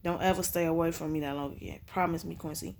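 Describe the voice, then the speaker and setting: A woman reading the lines of a clingy adult lover in a low, hushed murmur. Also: steady tone, quick pace, vocal fry, a little hiss or hum. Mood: pleading.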